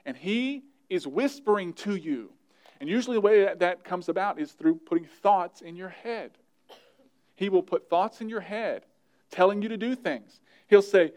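A man, a pastor, preaching a sermon in an earnest, conversational way with touches of humor, dropping softer when he voices prayers. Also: high voice, normal speed.

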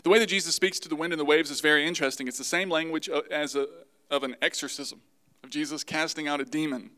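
A man preaching a sermon to his congregation, lively and acting out the voices he quotes. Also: on the high side, fast talker. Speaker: pastor.

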